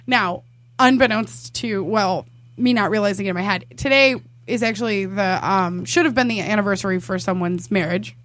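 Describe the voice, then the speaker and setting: A woman's voice: medium pitch, moderate pace, fairly bright tone. A woman co-hosting a podcast, telling a personal story in casual chat, rambling with many restarts. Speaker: podcast co-host.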